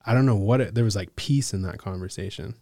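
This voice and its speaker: A man from Alaska, a case manager, telling his recovery story in a relaxed, casual way, full of "like" and "bro" and quick laughs. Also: fairly low pitch, dry recording, studio quality. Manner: laid-back, lots of "like" and "bro", laughs often. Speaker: podcast guest, case manager.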